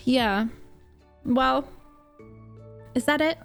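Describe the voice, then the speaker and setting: A young woman streamer chatting casually with live viewers, gushing, animated and laughing often as she answers their comments. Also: high voice, very slow, creaky, soft background music. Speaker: streamer reacting to a book series.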